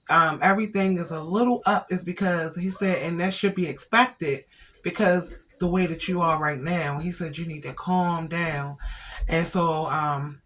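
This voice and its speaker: A woman's voice: on the low side, a bit bright, slight background noise. A woman vlogger chatting casually to her viewers, retelling her day with lots of quoted dialogue. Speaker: vlogger and family caregiver. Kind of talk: casual storytelling to camera.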